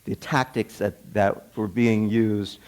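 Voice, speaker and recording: A man's voice: fairly low pitch, flat delivery, slow, darkish tone, smooth. A man, a minister, giving a sermon as a conversational personal story, often restarting and repeating words, in a church. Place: church sanctuary.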